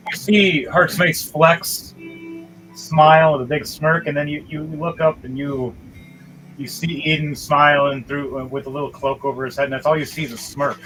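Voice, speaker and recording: A man's voice: fairly high pitch, flat delivery, moderate pace, a bit bright, poor audio. A man narrating a tabletop game as dungeon master, vivid and rambling, with restarts. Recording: music playing behind.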